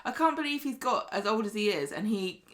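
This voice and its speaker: A woman co-hosting a casual chat show, opinionated and quick to laugh. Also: medium pitch. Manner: lively, opinionated, laughs often. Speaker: podcast co-host. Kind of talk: casual chat about a soap opera.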